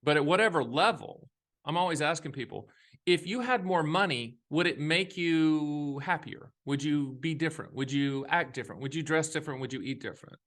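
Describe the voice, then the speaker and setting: A man's voice: fairly high pitch, brisk, fairly bright tone. A man in his fifties hosting a casual monologue on retirement money, folksy and emphatic, with jokey asides and a touch of a Southern accent. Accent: Southern US at times. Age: 50s. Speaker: annuity advisor and show host.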